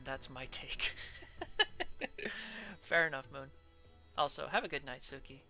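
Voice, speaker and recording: Here the streamer speaks a little slowly with long pauses, her medium-pitched voice sharp over faint music. Ranking characters in a casual chat, she giggles, rambles, and leaves sentences unfinished before restarting.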